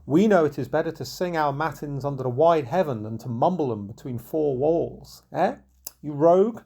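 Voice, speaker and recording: A man voicing Robin Hood, a kindly outlaw who speaks in a soft, coaxing tone. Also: fairly high pitch, lively intonation, normal speed, creaky, breathy edge, full character voice. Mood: gentle.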